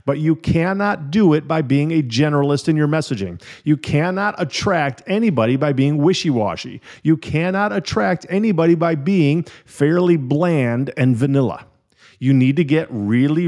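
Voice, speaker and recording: A man's voice: a little high, a little mellow. A middle-aged man hosting a solo coaching podcast, talking straight to the listener and repeating words hard for emphasis. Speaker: podcast host and insurance business coach.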